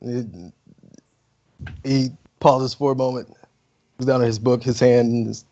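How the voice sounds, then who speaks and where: A man's voice: medium pitch, little pitch movement, unhurried, mellow. A man running a tabletop game as game master, narrating in a loose, rambling way full of fillers. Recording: muffled lo-fi stream with faint music.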